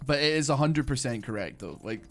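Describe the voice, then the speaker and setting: A young British man talks his way through a live game stream, drifting between side topics and circling back with constant fillers and half-started sentences. His voice sits at an ordinary middle pitch, and faint game music plays underneath. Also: lively intonation, a little fast, a bit bright. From Britain. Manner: rambling, filler-heavy, restarts mid-thought. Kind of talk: live gameplay commentary, chatting with viewers.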